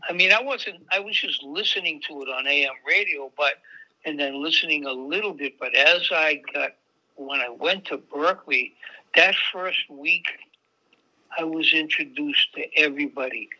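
A man's voice: fairly high pitch, normal speed, pushed and bright, low-quality recording. An older man, a jazz saxophonist telling loose, profane stories in a casual interview and acting out the other people in them. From Boston area. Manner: swearing, acts out voices in anecdotes.

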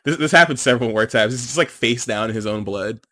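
A young man co-hosting a podcast, laid-back and quick to laugh as he chats casually about a manga. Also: medium pitch, fairly bright tone. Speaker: podcast co-host. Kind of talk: casual chat recapping a manga.

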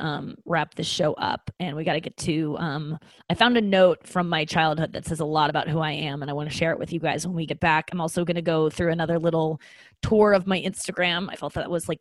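A woman's voice: sits low, no echo. A woman in her thirties, a comedian hosting her own podcast, talking in a candid, rambling, self-deprecating way with some swearing. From American. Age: 30s. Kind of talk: casual solo podcast monologue.

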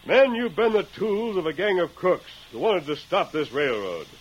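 An actor playing a masked western hero in a 1940s radio drama, giving a stirring, declamatory speech, on a dull old broadcast recording. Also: male voice, sits high, animated, normal speed, husky, some chatter behind. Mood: rousing.

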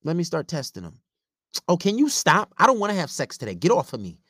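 A man's voice: a little high, very animated, a little fast, gravelly, a little mellow, no echo, clean studio sound, pitched above the performer's own voice, heavily acted. A man voicing a bored girlfriend who is testing her partner's limits, whiny and dismissive.

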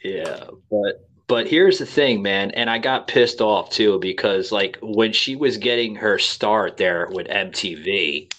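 Low-pitched guy hosting a podcast, cursing constantly, just rambling along. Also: measured pace, few pauses, a bit bright. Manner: profane, rambling storytelling. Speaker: podcast host. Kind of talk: casual chat.

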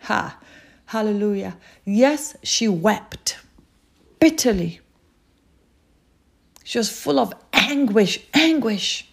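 A woman preaching a sermon, urging listeners with slow, repeated calls. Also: mid-range voice, expressive, creaky, breathy edge. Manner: slow, repetitive exhortation.

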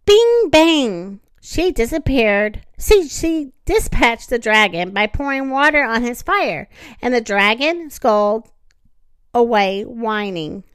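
A woman reading a children's story aloud in an expressive, animated way. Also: on the high side, slow, clean tone, dry recording.

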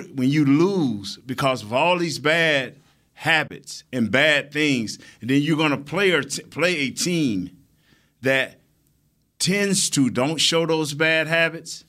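A man's voice: on the high side, fairly bright tone. A man co-hosting a sports talk show, speaking casually and making his case emphatically in repeated phrases.

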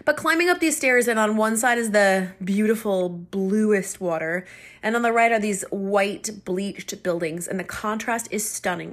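A woman hosting a podcast tells a personal travel story in a loose, conversational way. She is chatty and animated and laughs easily as she talks. Her voice sits at an ordinary middle pitch for a woman. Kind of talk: casual storytelling.

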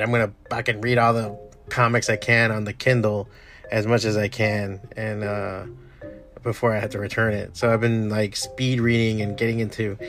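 A man chatting casually and enthusiastically about shows and comics, swearing often and trailing off into quieter mumbles. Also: fairly low pitch. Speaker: comic artist streamer. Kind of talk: casual rambling chat.

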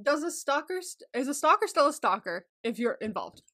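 High, bright, giggly young woman. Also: brisk. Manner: giggly, excitable, swears freely. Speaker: podcast co-host. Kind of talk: casual chat.

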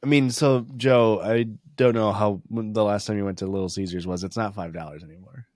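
A man's voice: on the low side, fairly even intonation, brisk, a little mellow, dry recording, studio quality. A man co-hosting a podcast, rambling through profane jokes and laughing at his own bits. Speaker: podcast co-host. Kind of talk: casual comedic chat.

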